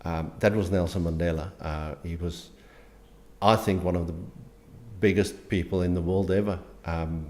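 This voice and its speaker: A middle-aged man from South Africa with a South African accent, an interview guest speaking earnestly and haltingly, with frequent restarts. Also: deep voice, fairly even intonation, a little mellow. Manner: earnest, halting, many restarts and repeated words. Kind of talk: conversational interview.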